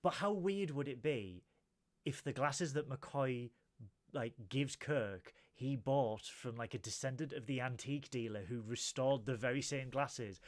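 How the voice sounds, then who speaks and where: A man's voice: medium pitch, a little slow. A man hosting a casual film review podcast, animatedly retelling scenes and acting out the characters' lines. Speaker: podcast host.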